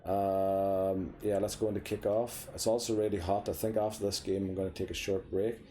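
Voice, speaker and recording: A man with a fairly low voice streaming a football game from his computer desk. He chats casually at a desk microphone, sometimes leaning back from it. His talk swings into swearing rants that he quickly apologises for, with a faint background hum. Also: flat delivery, mellow. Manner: ranting, swears freely, then apologises. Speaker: gaming streamer. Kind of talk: casual gameplay commentary. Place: seated at a computer desk, indoors.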